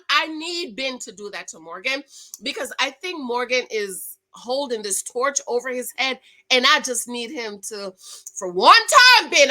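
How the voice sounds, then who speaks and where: A woman's voice: on the high side, lively intonation, measured pace, sharp tone, low-quality recording. A middle-aged woman, chatting casually as a show recap host, emphatic and preachy, talking straight to her viewers. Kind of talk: casual chat.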